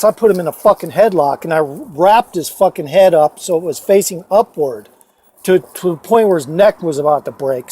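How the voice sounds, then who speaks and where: A man with a notably high-pitched voice tells loose, meandering personal stories into his phone. He swears freely and keeps stopping to restart his sentences, padding them with "uh" and "you know". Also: a little mellow. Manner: profane, rambling, many fillers and restarts. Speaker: storyteller vlogger. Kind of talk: casual rambling storytelling.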